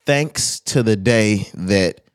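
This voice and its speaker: A man co-hosting a podcast, talking casually in a blunt, profane, animated storytelling manner. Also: lowish voice, slow pace, clear, resonant tone. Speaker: podcast co-host. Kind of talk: casual chat.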